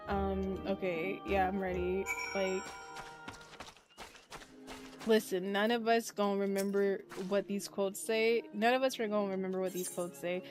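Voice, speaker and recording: A woman streaming a game, chatting casually and jokingly, swearing freely and swinging between quiet asides and loud outbursts. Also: mid-range voice, flat delivery, a little slow, music in the background. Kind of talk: casual live-stream chat while playing.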